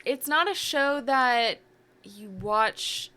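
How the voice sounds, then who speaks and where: A woman's voice: a little high, animated, extremely slow, pushed and bright, clear, resonant tone. A young woman with a Chesapeake Bay accent co-hosting a pop culture podcast, musing and searching for words. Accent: Chesapeake Bay region. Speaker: podcast co-host. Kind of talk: casual pop culture chat.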